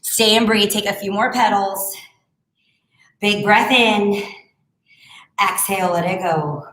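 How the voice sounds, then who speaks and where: A woman in her thirties coaches a barre workout with a bright, forceful voice. She chats casually and tells stories between cues to plank and breathe. The sound is roomy and echoey. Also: medium pitch, slow pace. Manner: chatty, storytelling between exercise cues. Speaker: barre instructor. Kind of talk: live home workout class cueing.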